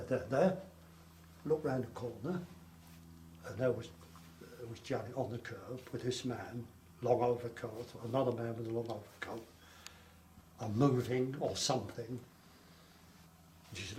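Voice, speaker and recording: An older man recalls his wartime childhood in an oral history interview, wandering through the story and repeating himself. His medium-pitched, darkish voice moves a little slowly with frequent pauses. The room is echoey, with faint background noise.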